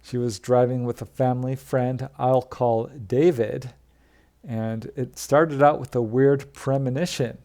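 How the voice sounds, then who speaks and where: A man telling a witness's UFO encounter in a plain, conversational storytelling way, pausing with the odd filler. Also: medium pitch, steady tone, dark tone. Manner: plain retelling with fillers, quoting witnesses in his own voice. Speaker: narrator of UFO encounter stories. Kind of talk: storytelling narration.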